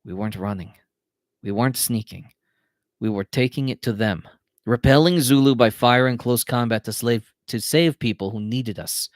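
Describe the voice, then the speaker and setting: A man's voice: medium pitch, moderate pace, no room sound, clean studio sound, close to an everyday voice. A man voicing a fired-up young Marine. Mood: earnest.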